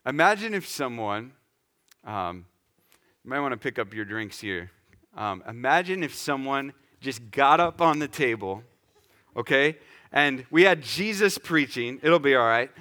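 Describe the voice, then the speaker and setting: A man preaching a sermon in a lively, conversational way, acting out scenes for the congregation. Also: mid-range voice, unhurried. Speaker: pastor.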